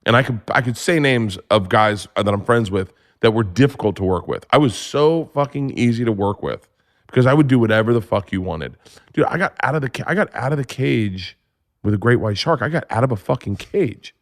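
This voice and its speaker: A man telling stories as a comedy guest, excitable and profane, often restarting with "like". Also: mid-range voice, fairly quick. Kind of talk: casual storytelling.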